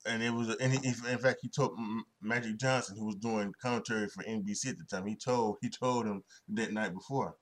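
A man's voice: fairly low pitch, steady tone, brisk, hardly any pauses. A young man hosting a solo sports podcast, talking in a rambling way with many restarts and fillers and frequent chuckles. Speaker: podcast host.

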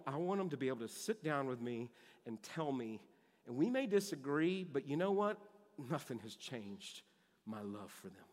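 A man preaching a sermon as pastor, impassioned, swinging between loud emphasis and hushed lows, repeating words as he goes. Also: in a large hall. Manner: repeats words and restarts phrases.

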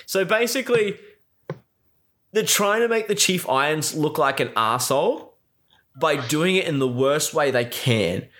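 A man's voice: on the high side, expressive, unhurried, fairly bright tone. A young man recapping a film in a casual, sweary, rambling rant full of sarcasm. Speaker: film reviewer.

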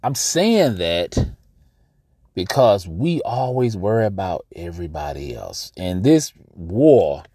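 This young American podcast host speaks with an African American English accent in a low, dark, slightly rough voice, slow and with big pitch swings. Outdoors in a casual monologue, he's conversational and emphatic, calling listeners "y'all." The recording is dry and clean, studio-like.

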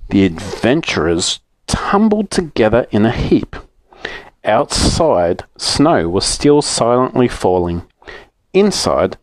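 A man reading a children's story aloud with gentle, expressive storytelling. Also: lowish voice, no echo.

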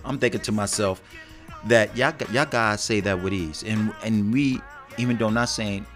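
Man co-host, lowish voice, animated delivery, faint music behind. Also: moderate pace. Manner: animated, acts out quotes with big pitch jumps. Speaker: podcast co-host. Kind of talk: casual relationship talk.

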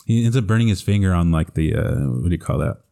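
Male podcast co-host, low and warm, chatty storyteller who keeps laughing through his recaps. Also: fast talker, creaky. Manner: retells scenes with frequent laughter and fillers. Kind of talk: casual chat.

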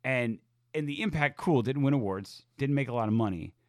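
A man co-hosting a podcast, rambling and swearing in relaxed casual chat. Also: mid-range voice, a little fast, no echo, clean studio sound. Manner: rambling, profane, laid-back. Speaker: podcast co-host.

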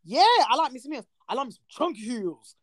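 Animated, expressive woman, high lively voice. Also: breathy edge, no room sound, clean studio sound. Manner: animated, expressive, quick asides. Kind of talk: casual chat.

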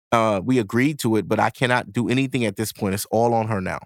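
A young man hosting a podcast, telling a story in a casual, animated way, swearing and laughing as he goes. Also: lowish voice, normal speed, no room sound, clean studio sound. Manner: animated, profane, laughing while he tells it. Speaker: podcast host.

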